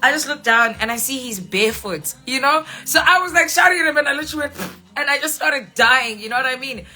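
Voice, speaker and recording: Animated woman telling a story. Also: sits high, fast talker. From South Africa. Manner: animated, swears freely, acts out friends' lines. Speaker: livestream host. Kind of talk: casual storytelling on a live stream. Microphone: phone mic.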